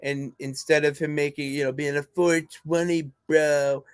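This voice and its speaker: A man's voice: on the high side, level tone, measured pace, smooth, dry recording, clean studio sound. A man from Canada co-hosting a wrestling podcast, rambling through ideas in casual chat and swearing freely. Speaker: co-host.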